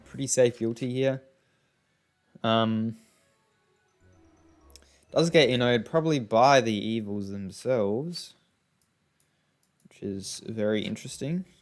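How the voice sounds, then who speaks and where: A young man giving casual, rambling gameplay commentary, often exasperated, with many fillers and restarts. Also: medium pitch. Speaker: gaming YouTuber.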